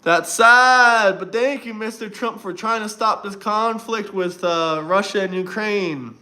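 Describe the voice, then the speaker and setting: A man's voice: sits high, measured pace, few pauses, sharp tone. A man hosting a casual livestream, talking to his chat and teasing viewers in a mocking way. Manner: mocking, taunting chat banter. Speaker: livestream host.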